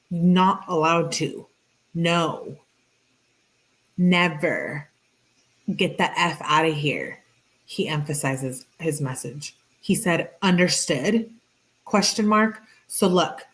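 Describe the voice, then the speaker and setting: Woman reading messages, sarcastic asides. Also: sits low. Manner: reads both sides flatly, interjects sarcastic asides. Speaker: true crime commentator. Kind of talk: reading text messages aloud with commentary.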